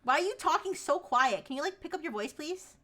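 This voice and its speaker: High bright brash woman streamer. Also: expressive, fairly quick. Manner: brash, teasing, loud outbursts. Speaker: VTuber streamer. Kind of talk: livestream chat with AI voices.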